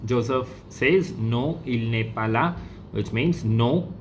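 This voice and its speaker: Indian-accented male teacher, mid-pitched, patient explainer, faint hiss behind. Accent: Indian English. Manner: explains slowly, repeats words, many okays. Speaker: French teacher. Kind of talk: classroom lesson.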